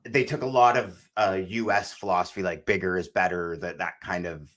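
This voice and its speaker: A man's voice: deep voice, steady tone, normal speed, fairly bright tone. A man co-hosting a podcast, talking in a loose, rambling way and calling his co-host "brother". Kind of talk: casual podcast chat.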